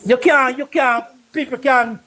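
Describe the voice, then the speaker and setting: A man's voice: very high voice, steady tone, unhurried. Jamaican man rambling about politics, faint hiss. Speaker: political debater. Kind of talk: casual political discussion.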